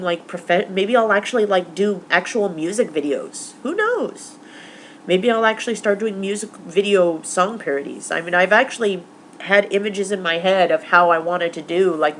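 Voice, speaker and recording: Medium-pitched and tearful, a young woman vlogs a casual recap of her week, rambling with plenty of filler words. She's emotional as she recovers from stomach flu, with a slight hiss or hum in the audio.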